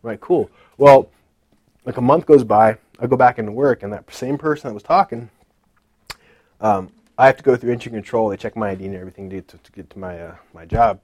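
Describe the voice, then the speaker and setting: Brief: man in his thirties, casual testimony, voices the people in his story, medium pitch, dry recording. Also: fairly quick, no room sound. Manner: animated retelling, acting out dialogue with lively pitch jumps. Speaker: speaker sharing a personal testimony.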